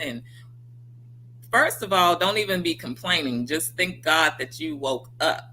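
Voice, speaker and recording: Casting: bright, vivid woman, warm livestream host giving motivational talk, faint hum behind. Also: low voice, a little slow, pauses often, low-quality recording. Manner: earnest, encouraging, talks straight to viewers; acts out quoted inner voices.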